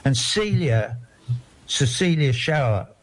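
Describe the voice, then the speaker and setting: A man's voice: medium pitch, lively intonation, slow. An older man, talking in a rambling, digressive, indignant way during a casual discussion.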